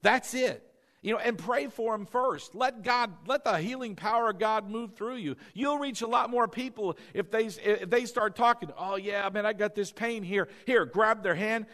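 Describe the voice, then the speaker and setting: Animated high-voiced preacher, swinging loud to quiet. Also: male voice, normal speed. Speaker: pastor. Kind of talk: sermon.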